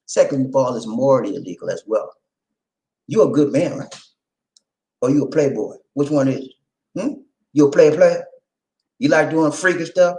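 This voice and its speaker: A man talks casually to his viewers, joking and lecturing in turn. His pitch jumps around a lot and the room around him rings with echo. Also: lively intonation, moderate pace, long pauses, mellow. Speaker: vlogger. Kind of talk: casual vlog commentary.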